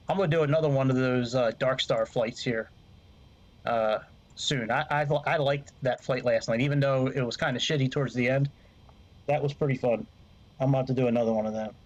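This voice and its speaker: A man's voice: mid-range voice, muffled recording. A man streaming a flight sim, rambling and swearing freely as he talks to his chat. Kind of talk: casual gameplay commentary.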